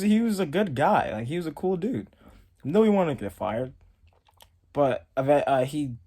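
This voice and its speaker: This storytime vlogger, a young man, sounds mellow in the mid range as he rambles through a casual story on camera. "Like" crops up again and again.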